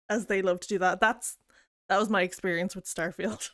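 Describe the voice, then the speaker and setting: A woman's voice: medium pitch, fairly even intonation, normal speed, a bit bright, no echo. Chatty woman streamer, dry close sound. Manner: rambling, self-deprecating, giggly. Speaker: game streamer. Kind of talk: casual chat.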